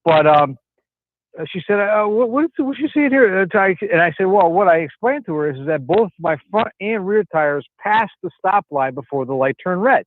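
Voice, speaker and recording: A man on the line from Connecticut rambles through a tale for a talk show host, starting over many times in easygoing phone-in chatter. He has a high-pitched, animated voice at a moderate pace, heard without echo through a tinny phone connection.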